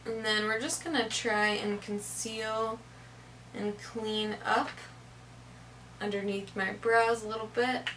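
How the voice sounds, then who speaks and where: A woman's voice: on the high side, little pitch movement, slow pace, a bit bright, slight background noise. A young woman casually narrating a makeup tutorial step by step, chatty with lots of "kinda, like".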